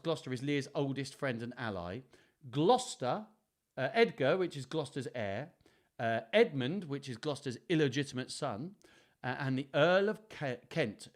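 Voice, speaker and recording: A man hosting a live story stream, chatting playfully between readings and trying out accents. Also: mid-range voice. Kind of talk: casual storytelling and chat.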